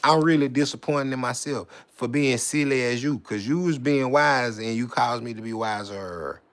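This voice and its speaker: A man's voice: medium pitch, normal speed, fairly bright tone. A man vlogging in a profane, mocking rant to camera, repeating himself and stumbling over words with swagger. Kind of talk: profane ranting monologue to camera.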